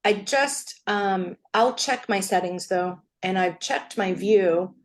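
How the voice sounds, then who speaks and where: Woman on a video call, hesitant and sorry-sounding, average pitch. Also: slow pace, slight background noise. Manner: apologetic, hesitant. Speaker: participant on a coaching call. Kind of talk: casual conversation on a video call.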